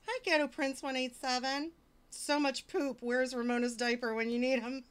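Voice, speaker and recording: A woman's voice: sits high, fairly even intonation, moderate pace, smooth. Woman streamer, casual livestream reading, wisecracking and mock-exasperated between passages. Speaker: streamer reading fiction aloud.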